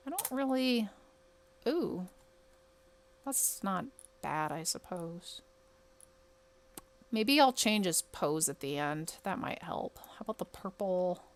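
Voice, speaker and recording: A woman playing a game and talking it through casually, muttering to herself and breaking into quick exclamations. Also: lowish voice. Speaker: game streamer. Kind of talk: casual commentary while playing.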